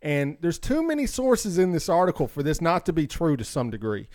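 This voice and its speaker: A young adult man co-hosting a casual podcast, talking in an animated, exclaiming way and acting out quoted voices. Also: fairly high pitch, brisk. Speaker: podcast co-host.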